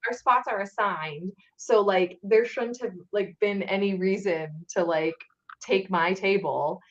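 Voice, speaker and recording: A woman's voice: mid-range voice, a little slow, muffled recording. A woman in a casual chat, telling a story with lots of laughter and filler words. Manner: animated, laughing, many "like" fillers. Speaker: guest cosplayer.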